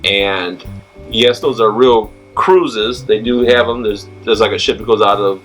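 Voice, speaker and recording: A man's voice: fairly low pitch, a little slow, fairly bright tone, faint music behind, poor audio. A man hosting a casual travel chat, talking loosely with many fillers and restarts. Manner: chatty, filler-heavy, restarts often. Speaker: host.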